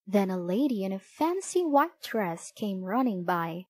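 Lady reading a kids book, slow, lively pitch. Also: no echo. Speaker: storybook reader. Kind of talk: reading a children's picture book aloud.

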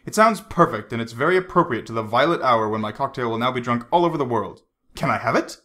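Male reader doing a suave, crisp agent type, lively and quick, storybook audiobook. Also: medium pitch. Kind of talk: audiobook character reading.

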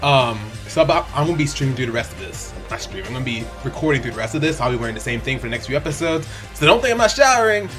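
A man hosting an anime reaction video at home, talking casually and excitably, often restarting his sentences. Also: mid-range voice, rapid-fire, hardly any pauses, faint music behind. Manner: excitable, rambling, frequent restarts and exclamations. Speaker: reaction channel host. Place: home room.

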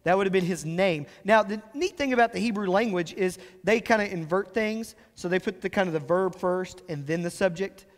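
A man preaching a sermon as pastor, explaining scripture and slowing down to stress key phrases. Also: high-pitched, in a large hall. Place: church sanctuary.

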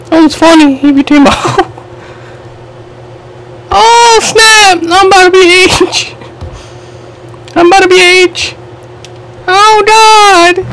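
A woman commenting on a basketball video game as she plays, shouting, laughing and trash-talking. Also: very high-pitched, slow, long pauses, background noise. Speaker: gamer. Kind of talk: excited gameplay commentary.

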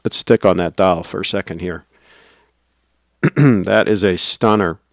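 A man's voice: sits low, a little slow, vocal fry, dry recording, clean studio sound. A man hosting a casual livestream, rambling and reading out viewer comments. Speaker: livestream host.

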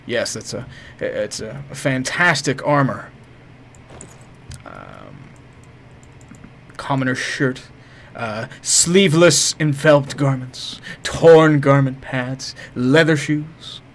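A man's voice: medium pitch, big pitch swings, takes it slowly, vocal fry, pauses often, slight background noise. A man live-streaming a game, swearing, joking with viewers and hurling mock-heroic taunts at enemies. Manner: profane, jokey, chats with viewers. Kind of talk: casual live-stream commentary.

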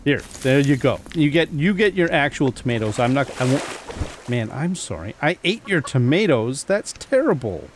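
Male let's-play host, lively up-and-down delivery, chatty, chuckles a lot, counts things under his breath. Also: medium pitch, moderate pace, slight background noise. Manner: chatty, thinks aloud and counts items aloud; chuckles often at his own mishaps. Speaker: gameplay commentator. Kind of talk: casual let's-play commentary.

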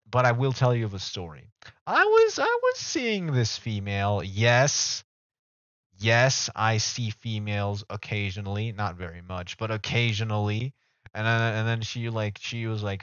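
A man's voice: on the low side, a bit bright, no room sound. A young man streaming live, rambling casually and joking with his chat. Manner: rambling, self-mocking, talks to chat. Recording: dull dry home mic audio.

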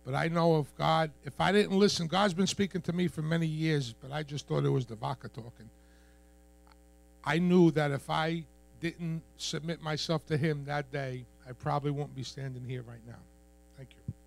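A man gives a personal testimony into a handheld mic at a church gathering. His voice is a little high and gravelly, with a fry at the ends of phrases. He speaks haltingly and often repeats his words. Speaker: church member giving testimony. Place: church deck at an open-mic event.

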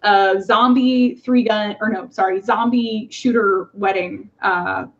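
A woman telling a personal story in casual conversation, halting with fillers and acting out the voices of people she quotes. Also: medium pitch, steady tone. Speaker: guest. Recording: dull lo-fi sound.

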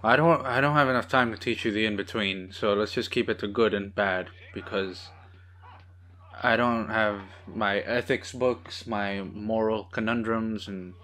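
Bright-voiced joking man riffing on a movie. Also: lowish voice, measured pace. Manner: joking, sarcastic, swears freely. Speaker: host. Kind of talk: casual movie watch-along commentary.

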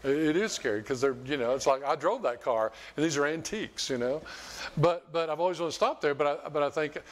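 A man's voice: on the high side, fairly quick, slight background noise. An older man preaching a sermon as pastor, folksy and rambling, restarting and repeating words as he talks to his church. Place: church sanctuary.

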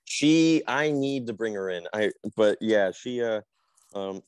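Young man, low voice, dry close sound; halting, filler-heavy interview chat. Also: lively intonation, clean tone, dry recording. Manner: rambling, halting, full of fillers. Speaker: actor guest.

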